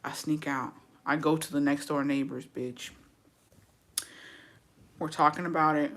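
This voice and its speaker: A woman's voice: sits low, steady tone, unhurried, fairly bright tone. A woman telling a dramatic story casually, swearing freely and switching between English and Spanish.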